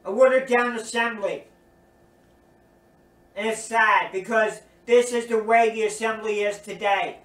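A man's voice: high voice, fairly even intonation, unhurried, pauses often, a bit bright. A man preaching a sermon, earnest and emphatic, repeating his points. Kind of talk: recorded sermon teaching. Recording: roomy echo, distant from mic.

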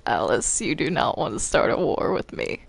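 A man's voice: on the high side, very animated, moderate pace, gravelly, breathy edge, heavily acted. A man voicing a flustered male cartoon demon in a game role-play, stammering and repeating words. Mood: stern. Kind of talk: Minecraft role-play acting.

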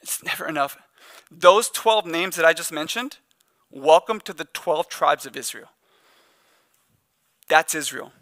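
A man preaching a sermon as the pastor, in a conversational, joking style with animated storytelling. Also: a little high, measured pace, pauses often, no echo.

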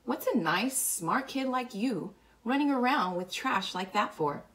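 A woman voicing a pretty, cool-headed teenage girl cheerleader in a read-aloud, with a biting edge that softens. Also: on the high side, expressive, measured pace, voice pushed up.

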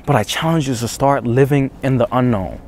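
A man giving dating advice in a hushed, intense voice, urging again and again, shivering from the cold outdoors before dawn. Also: mid-range voice, a little fast, slight background noise. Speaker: dating coach. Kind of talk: motivational talk to camera.

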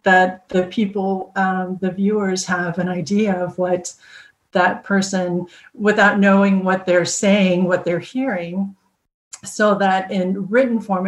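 A woman who works as a translator, speaking as a podcast guest in a hesitant way with many ums and restarts. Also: on the low side. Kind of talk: casual podcast conversation. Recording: roomy echo.

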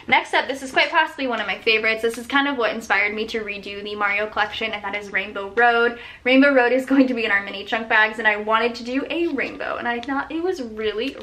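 Woman in her thirties, bright tense voice, slightly high, gushing vlog chat, soft breathy murmurs, faint hiss behind. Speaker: small business owner showing products. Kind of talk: casual product showcase vlog.

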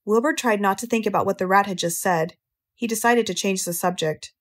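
An American woman who is an English teacher narrates a children's classic as an audiobook. Her mid-range voice is clear and measured in a storytelling style, and she paces each sentence steadily for English learners.

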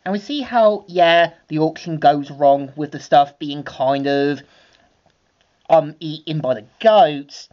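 Low-voiced woman reviewing comics. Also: takes it slowly. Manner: rambling, many fillers. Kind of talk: casual comic review narration. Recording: dull lo-fi home recording.

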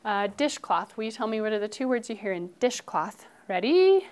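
A young woman teaching a phonics lesson to first graders in a classroom, upbeat and encouraging, slowly drawing out words as she models them. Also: mid-range voice, background noise. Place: elementary classroom.

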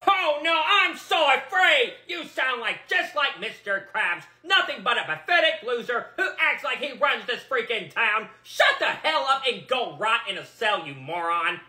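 A man's voice: very high voice, big pitch swings, normal speed, hardly any pauses, bright, forceful tone, roomy sound, heavily acted. A man voicing a sour, sarcastic male cartoon squid with a nasal, sneering delivery.

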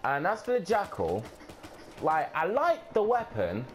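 A man's voice: on the high side, huge pitch swings, a little slow. A man giving casual, offhand gameplay commentary, swearing and thinking aloud as he plays.

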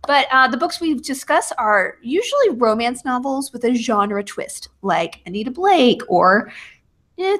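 A woman's voice: on the high side, fairly bright tone. A woman hosting a book club video chat, bubbly and teasing, laughing often over a home webcam.

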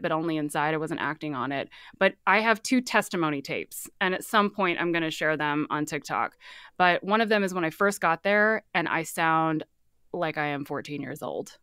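A woman with a light Southern accent, a guest telling her story in a candid, animated, casual way. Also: lowish voice, clear, resonant tone, dry recording, clean studio sound. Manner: candid, animated, swears freely.

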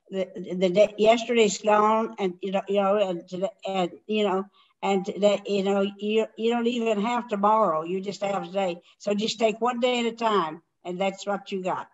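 An older woman hosting a casual conversation, talking in a halting, rambling way with many restarts. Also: mid-range voice, dull audio. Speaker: host.

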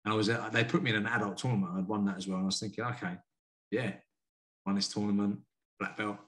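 A man's voice: fairly low pitch, level tone, a bit bright. A man from the UK, a karate sensei and boxing coach, telling stories frankly and earnestly as a podcast guest. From United Kingdom. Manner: frank, earnest, quick to admit feelings. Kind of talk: candid storytelling in a podcast interview.

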